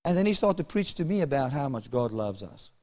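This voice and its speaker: A man's voice: mid-range voice, sing-song, fairly quick, a little mellow. A man from Africa, preaching a sermon and telling stories with chuckles while acting out dialogue. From South Africa.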